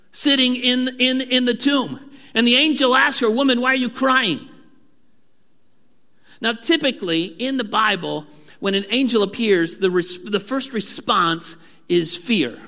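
A man preaching in a church with a high, bright, clear voice. He speaks earnestly and sometimes sinks into a hushed tone. His voice rings with a long hall reverb. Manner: earnest preaching, drops to a hushed voice at key moments. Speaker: pastor. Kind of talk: sermon.

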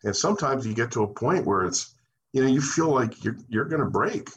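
A man's voice: mid-range voice, expressive, a little fast, a little hiss or hum, rough recording. A man who is a police officer, reflecting on his work in an interview in an earnest, stop-start way.

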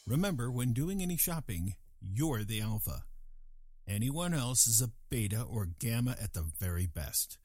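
A man's voice: mid-range voice, lively intonation, normal speed, darkish tone, dry recording. Dry-voiced older man with a wry comic monologue. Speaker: comedic host.

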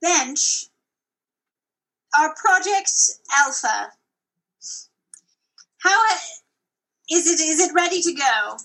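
A woman improvising a comedy scene as a ship captain, with a breezy, deadpan delivery. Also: high voice, slow pace, long pauses, poor audio.

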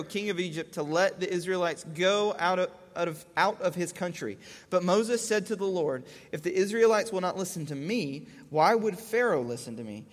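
A man's voice: high voice, big-room sound. A man giving a conversational Bible teaching, casual, asking rhetorical questions and restating verses in plain words.

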